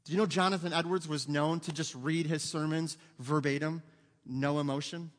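A middle-aged man, preaching a sermon in an animated, conversational way with humor and asides, in a church sanctuary. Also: fairly high pitch, normal speed. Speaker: pastor. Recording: long hall reverb.

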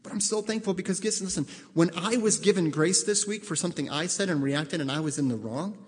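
A man's voice: high voice, fast talker, big-room sound. A male pastor preaching in a conversational way, asking the congregation direct questions and acting out both sides of conversations. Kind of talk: sermon.

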